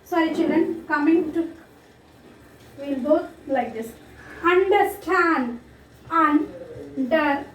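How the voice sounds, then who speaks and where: A woman teacher with an Indian English accent, slowly drilling words and repeating each one clearly for a recorded online class. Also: high voice, warm tone. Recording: roomy echo, distant mic, faint noise.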